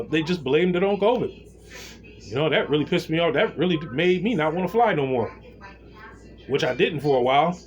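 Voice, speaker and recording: A man talking straight to camera in a loose, unscripted monologue, his voice sitting a little high for a man and swinging up and down as he tells his story. He swears freely and keeps turning to his viewers to address them directly. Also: dull audio. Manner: talks straight to viewers as "y'all". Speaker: vlogger.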